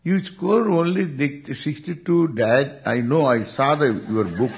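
Indian guy doing a cheeky kid talking back, pitched up and giggly, dull lo-fi sound. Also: unhurried, creaky, slight background noise. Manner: teasing, laughing, raised pitch. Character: cheeky young child answering back to parents. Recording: dull lo-fi recording.

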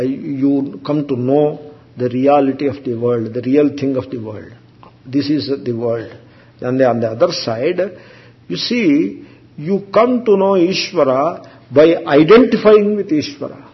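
A man giving a spiritual discourse as a teacher, speaking slowly with halting pauses and restarts and chanting Sanskrit terms. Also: fairly high pitch. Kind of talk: Vedanta discourse. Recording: dull lo-fi recording.

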